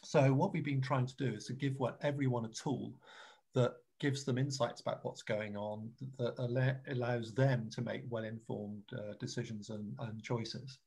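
Gravelly British man presenting a webinar. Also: medium pitch, fairly even intonation, normal speed, a little mellow. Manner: earnest, repeats words while explaining. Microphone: video call.

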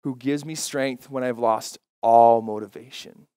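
Male pastor, mid pitch, emphatic sermon delivery, dry recording. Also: steady tone, warm tone, smooth, no room sound. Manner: emphatic, repeats key phrases slowly. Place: church.

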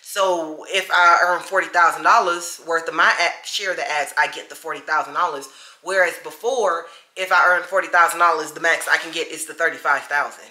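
Casual woman vlogger at home, bright voice, lots of room echo. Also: low-pitched, steady tone, fairly quick. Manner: chatty and easygoing, calls the viewer "child". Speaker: lifestyle vlogger. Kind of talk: casual chat to camera. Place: home, indoors. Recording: echoey room.

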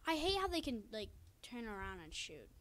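A woman with a high voice chats excitedly to her viewers as she plays a game. She talks casually from a room at home, recorded on a cheap desk microphone. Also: moderate pace. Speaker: gaming video creator. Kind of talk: casual Let's Play commentary.

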